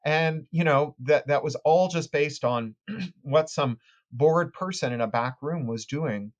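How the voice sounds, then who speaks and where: A man's voice: fairly high pitch, measured pace, dull audio. Articulate man explaining at length. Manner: articulate and fluent, long explanatory sentences with frequent restarts. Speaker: author and tech critic guest. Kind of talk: podcast interview answer.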